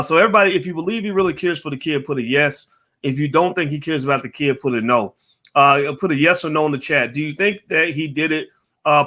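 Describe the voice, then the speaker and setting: High, bright-voiced man hosting a panel. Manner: animated, asks the audience for yes or no votes. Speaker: host of a panel show. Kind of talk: casual online panel discussion.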